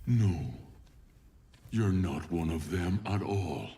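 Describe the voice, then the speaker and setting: A hulking, protective ox from a video game. The voice is very deep and gravelly, with wide swings in pitch, and it comes out slow and blunt, one short sentence at a time. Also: male voice, lively intonation, dark tone, a little hiss or hum, exaggerated voice. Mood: relieved. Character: huge gruff male ox, protective guardian.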